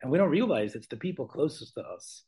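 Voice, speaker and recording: A man joins the conversation eagerly, adding his own thoughts in a casual, friendly tone. His voice sits at an ordinary pitch for a man. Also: very animated, fast talker, mellow. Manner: eager, chiming in. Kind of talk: casual chat.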